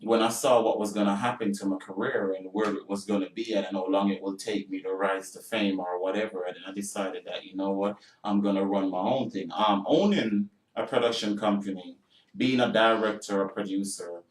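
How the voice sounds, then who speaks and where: A man's voice: fairly low pitch, a little fast, reverberant, recorded from a distance, low-quality recording. A man with a non-American accent, an actor and producer, talking casually as a radio interview guest, full of fillers. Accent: non-American English accent. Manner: chatty, animated storytelling with many fillers.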